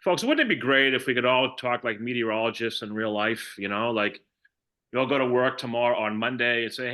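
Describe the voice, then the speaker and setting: An older man from Massachusetts with a Boston accent, doing a stand-up comedy set of deadpan one-liners, full of fillers and restarts. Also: mid-range voice, fairly quick. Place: online comedy show.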